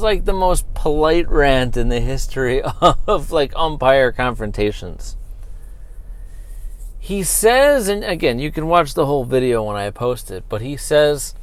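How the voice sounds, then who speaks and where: A man's voice: on the high side, unhurried. A man hosting his own sports podcast, ranting casually to listeners with lots of fillers and asides. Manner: animated, talky, with many fillers and asides. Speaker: podcast host.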